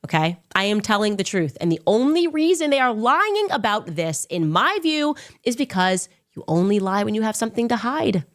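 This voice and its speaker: A woman's voice: big pitch swings, normal speed, hardly any pauses. A woman hosting her own commentary show, talking in a combative, sarcastic way and mocking others in a raised voice. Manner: sarcastic, mocking impressions in a high voice; combative, emphatic. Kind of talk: opinionated commentary monologue.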